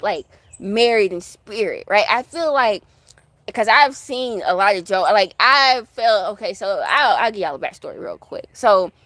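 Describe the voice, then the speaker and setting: A woman's voice: medium pitch, a bit bright. A woman hosting her own channel, chatting casually and rambling through asides as she answers viewer questions. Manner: fan of classic TV soaps. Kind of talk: casual chat.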